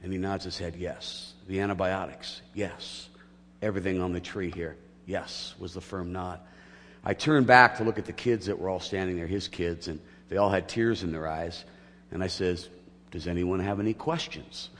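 A middle-aged male pastor preaching a sermon, telling a personal story with gentle humor before building into emphatic teaching. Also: low voice, moderate pace, big-room sound, a little hiss or hum.

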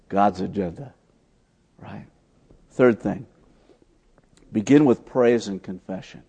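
A man preaching a sermon, telling stories as he teaches, swinging from loud emphatic lines to soft, hushed ones. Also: lowish voice, slow, long pauses, breathy edge, dull audio. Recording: long hall reverb.

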